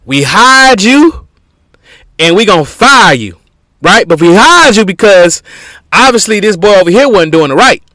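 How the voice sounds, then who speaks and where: A man's voice: high voice, very animated, a little slow, sharp tone, no room sound, heavily acted. A man putting on a patronizing Southern boss. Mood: condescending. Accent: mock Southern US. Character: condescending Southern white male boss.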